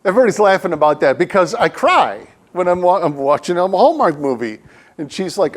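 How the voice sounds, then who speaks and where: A man's voice: high-pitched, big pitch swings, a little fast. A man, a guest speaker, giving a conversational sermon in a church with humorous stories. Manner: humorous storytelling, acts out quotes. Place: church sanctuary.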